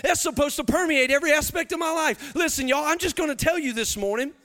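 A man, preaching a sermon with impassioned, confessional energy and loud, half-sung emphasis. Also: extremely high pitch, fast. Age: 30s.

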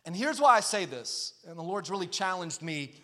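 A man preaching a sermon as pastor, with energetic, punchy delivery that builds in emphasis. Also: sits high, normal speed. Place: church sanctuary. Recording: long hall reverb.

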